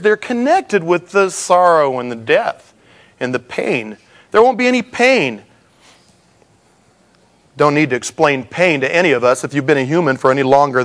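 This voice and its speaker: A man's voice: fairly high pitch, fairly bright tone. A middle-aged man preaching a sermon in a conversational way, with humorous asides to the congregation. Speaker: pastor.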